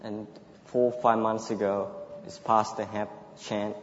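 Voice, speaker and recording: A man with a Thai accent gives a personal testimony, speaking English as a second language in short, halting, repeated phrases. His voice sits fairly low and rings through a large echoey hall. The recording is dull and lo-fi, with faint noise behind it. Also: little pitch movement. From Thailand. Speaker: church member giving testimony.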